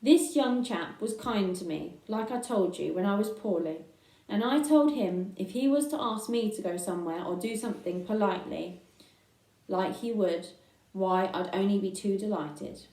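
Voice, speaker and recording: A woman voicing a blunt, motherly old ewe with a croaky, rustic voice. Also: mid-range voice, normal speed, dark tone, reverberant, far from the mic, close to an everyday voice, poor audio. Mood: gruff.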